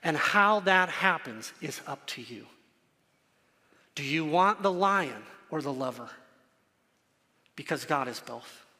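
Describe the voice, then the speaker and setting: A man's voice: a little high, expressive, slow, pauses often, pushed and bright, long reverb tail. A man preaching a sermon to his congregation, earnest and emphatic, repeating phrases for stress. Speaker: pastor.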